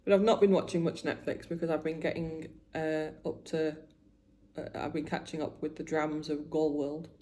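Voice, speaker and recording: Woman in her 40s chatting while doing make-up, lowish mellow voice, gets emotional and restarts a lot. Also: little pitch movement, normal speed, a little hiss or hum. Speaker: vlogger.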